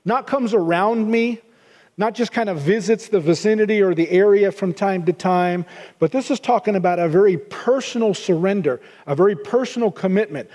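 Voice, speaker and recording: A man's voice: high voice, normal speed, warm tone, long reverb tail. A middle-aged man preaching a sermon as pastor, earnest, often repeating words as he restarts.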